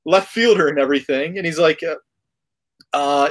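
A man's voice: fairly high pitch, normal speed. A man hosting a hobby podcast, casually retelling a trip story with lots of fillers. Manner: rambling, animated retelling with filler words. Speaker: podcast host.

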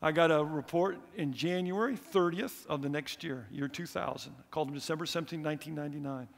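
A middle-aged male preacher tells stories from the pulpit with an animated, earnest delivery. His voice is gravelly and sits a bit high. The sound rings with the long reverb of a church hall. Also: quick pace. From United States. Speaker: missionary speaker. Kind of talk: sermon.

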